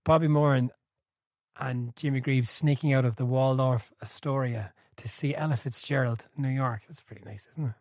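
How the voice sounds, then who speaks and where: Man, podcast host, mid-pitched voice, dry close sound, lively storytelling, laughs often, casual swearing. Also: normal speed, no echo. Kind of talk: casual chat about a football book.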